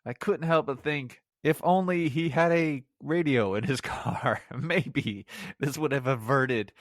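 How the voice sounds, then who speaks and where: A man's voice: mid-range voice, unhurried, no room sound, studio quality. A middle-aged man giving a casual solo movie review on a podcast, rambling and sarcastic, laughing at his own jokes.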